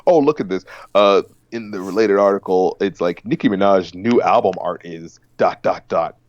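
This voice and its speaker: A man's voice: deep voice, moderate pace, no echo, highs cut off. A man co-hosting a stream, rambling through casual chat and mimicking people. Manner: rambling, laughing, mimics others.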